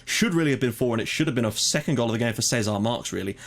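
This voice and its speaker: A man's voice: mid-range voice, animated, racing, creaky. A young man casually commentating his own football management game, chatty, with frequent fillers and mock match calls. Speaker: gaming YouTuber. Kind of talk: casual let's-play commentary.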